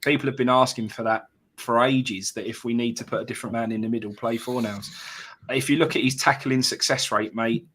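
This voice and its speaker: A man in his thirties co-hosts a live chat stream. He talks in loose, rambling stories, peppered with "um" and "mate", at an ordinary everyday pitch. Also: steady tone, a little fast, fairly bright tone, a little hiss or hum. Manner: rambling storyteller, fillers and "mate". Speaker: fan channel co-host.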